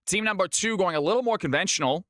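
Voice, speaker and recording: A bright, forceful male voice sits a little high for a man and runs a chatty, upbeat live play-by-play. He is close on a streaming mic in a dry, dead-sounding space. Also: expressive, quick pace, no room sound. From California. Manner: upbeat, chatty, talks straight to chat. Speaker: streamer and game caster. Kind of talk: live esports play-by-play commentary.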